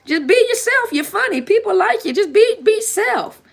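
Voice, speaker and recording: A shrill, squeaky-high voice of a blunt, bossy woman friend handing out scolding advice, as a woman puts her on. The tone is much higher and thinner than the speaker's own, with a pushy, no-nonsense delivery. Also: big pitch swings, moderate pace, gravelly, heavily acted.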